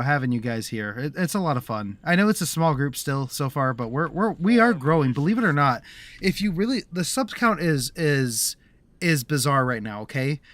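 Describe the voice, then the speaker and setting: A man's voice: a little high, a bit bright. A man livestreaming a game and chatting to his viewers in a rambling, casual way, restarting his sentences often. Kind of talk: casual gameplay commentary.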